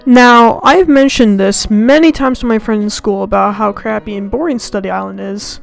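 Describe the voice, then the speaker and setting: A sarcastic American student woman rants on her channel with a gravelly, fry-laden voice. Her complaints are deliberately overblown and mocking. Faint music plays behind her. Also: mid-range voice, low-quality recording. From United States. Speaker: channel host. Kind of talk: comedic rant to camera.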